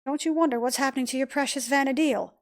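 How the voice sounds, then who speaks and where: A woman voicing a mysterious, calm young boy from a game cutscene, speaking in a soft, measured, cryptic way. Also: sits high. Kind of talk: reading game cutscene lines aloud.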